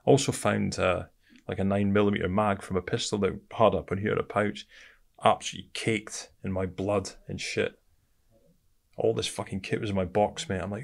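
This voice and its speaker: A man's voice: low-pitched, fairly even intonation, fairly quick, vocal fry. A man from Britain, a podcast guest telling his story bluntly and candidly, swearing often and calling the host mate.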